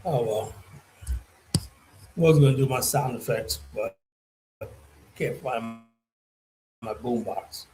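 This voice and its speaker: A man's voice: medium pitch, takes it slowly, pauses often, low-quality recording. Rambling, profane male streamer. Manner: rambling, profane, swings between muttering and loud emphasis. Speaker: streamer and commentator. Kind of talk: casual storytelling monologue.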